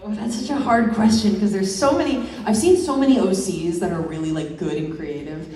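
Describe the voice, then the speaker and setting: A woman's voice: medium pitch, a little fast, few pauses, warm tone, slight background noise. A woman on a convention panel chatting casually, dithering over her answer. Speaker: voice actor panelist. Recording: echoey room from far off.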